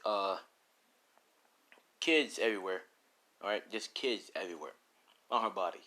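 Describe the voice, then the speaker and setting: A man's voice: fairly low pitch, moderate pace, bright, forceful tone. A man casually narrating a fan story, rambling with slangy, profane asides.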